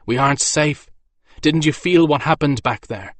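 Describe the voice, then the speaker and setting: A man's voice: a little high, normal speed, no room sound, voice pushed up, lightly acted. A man voicing a hardened male warrior who snarls out urgent orders. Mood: urgent, angry.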